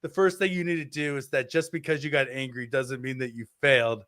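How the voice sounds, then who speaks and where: Animated man telling a story. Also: medium pitch, brisk, no echo, clean studio sound. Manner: animated storyteller, acts out quotes. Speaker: podcast co-host. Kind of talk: casual chat, storytelling.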